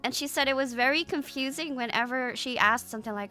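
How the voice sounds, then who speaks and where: A young woman chats casually to her stream audience, trailing off and restarting often. Her voice is bright and a little high for a woman. A soft music bed plays quietly behind her. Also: fast talker. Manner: rambling and hesitant, many restarts and fillers. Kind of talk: casual chat to viewers.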